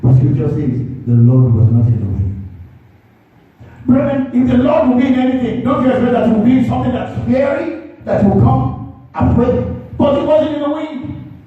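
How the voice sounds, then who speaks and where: A man's voice: very high voice, lively intonation, brisk. A man preaching a sermon as pastor. He speaks emphatically, repeats his points and calls on the congregation to respond. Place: church sanctuary. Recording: echoey church hall, distant dull mic.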